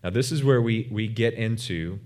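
Guy pastor preaching, earnest and emphatic, lowish voice, lots of uh and restarts. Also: normal speed, darkish tone. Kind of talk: sermon.

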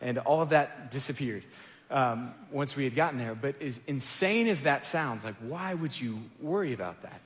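A man's voice: medium pitch, expressive, normal speed. A man giving a casual sermon, telling stories about himself with a light self-deprecating touch and plenty of filler words. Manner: conversational, self-deprecating storytelling with many fillers. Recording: echoey hall with long reverb.

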